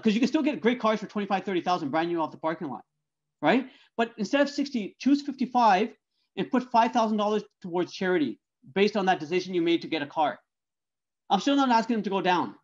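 A middle-aged man gives a lecture talk, telling animated stories. He stumbles through restarts and keeps checking in with tag questions. His voice sits high for a man, and the audio is dull and lo-fi. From Canada. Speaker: guest speaker.

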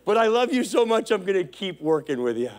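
A man preaching who plays a patient, loving teacher gently correcting a friend. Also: high-pitched, big pitch swings, a little fast, voice pushed up. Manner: patient, persistent.

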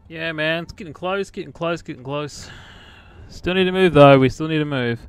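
A man's voice: a little high, moderate pace. An Australian man livestreaming a shooter game, chatting casually with viewers and calling them mate. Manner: chatty, greets chat viewers by name, says "mate" a lot. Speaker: gaming livestreamer. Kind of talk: casual live commentary while playing. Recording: game gunfire clearly heard behind. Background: game gunfire and explosions.

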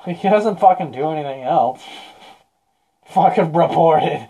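A man's voice: on the high side, lively intonation, measured pace, pauses often, dark tone, breathy edge. A man, joking and swearing his way through casual banter while playing a game on a Let's Play. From Canada. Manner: profane, joking, bossy.

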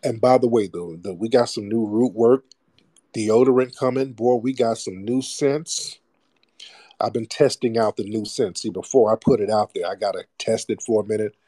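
A male call-in show host with a lowish, dark and mellow voice. He delivers a blunt, profane, preachy monologue in a loose conversational way. The sound is dry and close. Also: steady tone, moderate pace, dry recording.

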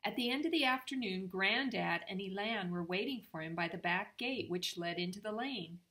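An older woman, a grandmother, reading a storybook aloud to her grandchildren in a steady, clear way. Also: mid-range voice, normal speed.

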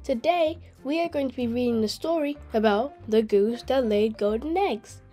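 A woman hosting a channel and reading a children's story aloud in a gentle, clear way. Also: fairly high pitch, moderate pace, soft background music. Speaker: host and storyteller.

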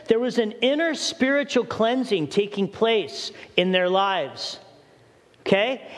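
A man's voice: high voice, fairly bright tone. A middle-aged man preaching a sermon as pastor, urgent and questioning the congregation directly. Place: church hall. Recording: long church hall reverb.

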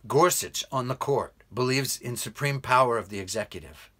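A man from the United States speaks in a bright, forceful tone, pressing his points in an earnest political monologue. He slows down to lean hard on key phrases and keeps an urgent, appealing edge throughout. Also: medium pitch. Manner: earnest, urgent, emphatic with slow deliberate stresses. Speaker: English tutor.

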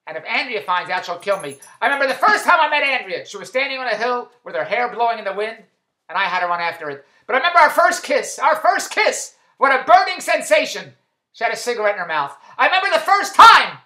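Middle-aged man, comic birthday monologue, one-liner jokes, bright tense voice, echoey room. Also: very high voice, sing-song. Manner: rapid-fire old-school joke telling, repeating punchlines. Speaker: husband sending a birthday message.

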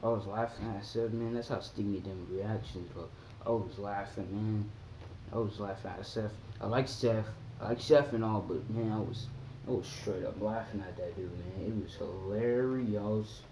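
A young man chatting casually about wrestling on his vlog, excitable and acting out his reactions with sudden high yelps. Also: moderate pace. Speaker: vlogger. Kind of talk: casual wrestling chat to camera. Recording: echoey room with faint background hum.

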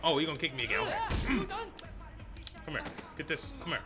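Casting note: male gameplay streamer. Lively, swinging delivery, trash-talks and repeats lines, loud game music behind him. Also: a little high, quick pace. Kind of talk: casual gameplay commentary.

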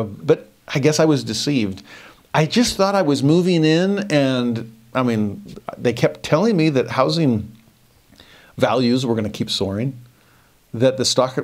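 A man teaching a verse-by-verse Bible lesson, reflective and expressive, often posing rhetorical questions. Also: mid-range voice. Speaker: scripture teacher.

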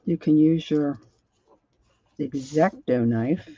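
Low, very slow, mellow and slightly rough, this woman's voice comes through lo-fi audio as she hosts a casual crafting livestream tutorial. She rambles and thinks aloud while working, often letting sentences trail off.

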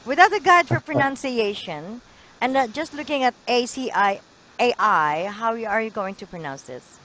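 A woman's voice: on the high side, animated, normal speed, bright, forceful tone, low-quality recording. A woman teaching an English lesson over a video call, encouraging and correcting pronunciation.

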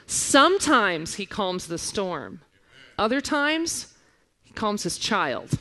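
Woman in her forties giving an animated sermon. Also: medium pitch, takes it slowly. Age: 40s. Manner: animated storytelling, reading scripture aloud. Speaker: guest preacher.

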